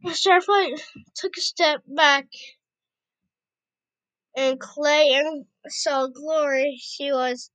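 A woman reading a novel aloud, halting and stumbling over words and rereading them. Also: high voice, steady tone, fairly bright tone, no echo, low-quality recording. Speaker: amateur reader.

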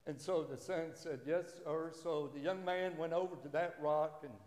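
A man's voice: on the high side, steady tone, darkish tone. Man, pastor, chatty sermon, echoey room. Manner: conversational, halting restarts, acts out quoted voices. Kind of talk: sermon with jokes and stories. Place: church sanctuary. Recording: echoey church hall with long reverb.

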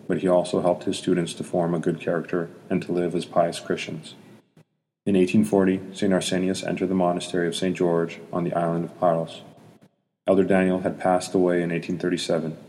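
A man with a very low, dark voice narrates a saint's life in a steady, solemn read with almost no rise and fall. A long hall reverb hangs behind every line. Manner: even, solemn reading.

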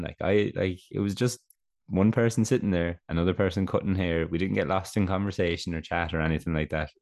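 A man's voice: deep voice, fairly quick, a little mellow. A young man co-hosting a podcast in casual chat, sounding stuffed up, telling stories and laughing often. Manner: chatty storyteller, laughs often. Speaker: podcast co-host.

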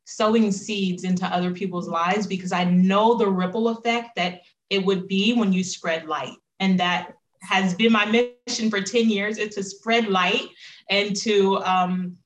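A woman shares her personal story as an interview guest, earnest and reflective. She turns lively when she quotes herself. Her voice rings a little in a roomy, echoing space. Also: mid-range voice, unhurried.

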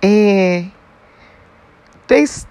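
A man's voice: high-pitched, lively intonation, extremely slow, a little mellow. A man in a casual, blunt, profane rant to his viewers, repeating himself and laughing between points. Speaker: vlogger.

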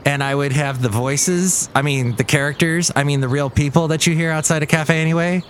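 A man's voice: a little high, fairly even intonation, fairly quick, slight background noise. A man hosting his own podcast in a rambling, playful monologue. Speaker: podcast host. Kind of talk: casual comedic monologue.

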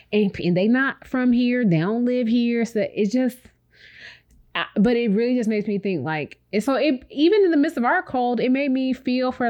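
A woman's voice: a little high, a little mellow, highs cut off. A woman co-hosting a podcast in casual, candid chat, rambling and reflective with lots of fillers, talking straight to her listeners. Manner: speaks directly to listeners as "y'all". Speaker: podcast co-host.

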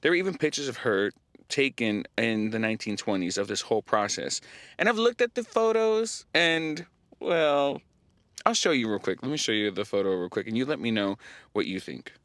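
A young man hosting a podcast, telling a story in casual chat, animated, often laughing and using lots of fillers. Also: mid-range voice, normal speed, no echo. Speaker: podcast host.

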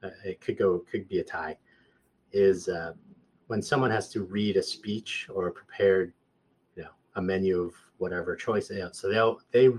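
A hoarse man chatting casually, rambling and restarting his sentences, getting louder when worked up. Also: sits low, steady tone, normal speed, slight background noise. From Southern Nevada. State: hoarse, clearing throat. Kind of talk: casual chat.

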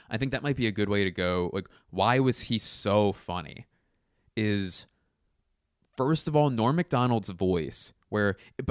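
A man in casual chat, rambling and animated, full of fillers and restarts. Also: fairly low pitch, smooth, no echo, clean studio sound.

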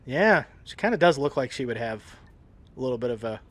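A man hosting a podcast, chatting casually and laughing often, in a relaxed, joking way. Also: mid-range voice, fairly quick, dry recording. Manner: laid-back, jokey, laughs often. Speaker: podcast host. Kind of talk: casual chat.

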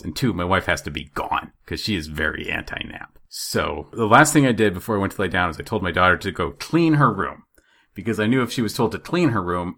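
A man's voice: sits low, fairly bright tone. A man in his thirties, co-hosting a casual chat and telling wry, joking stories. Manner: joking, wry storyteller who acts out quotes. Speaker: podcast co-host.

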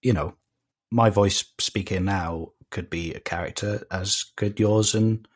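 A man's voice: deep voice, steady tone, measured pace, breathy edge. A man co-hosting a casual podcast chat, easygoing and reassuring. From England. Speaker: podcast co-host.

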